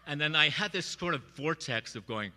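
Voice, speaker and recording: A middle-aged man speaking at a memorial, telling personal stories in an animated way and acting out the voices he quotes. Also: a little high, a little fast, in a large hall. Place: church sanctuary.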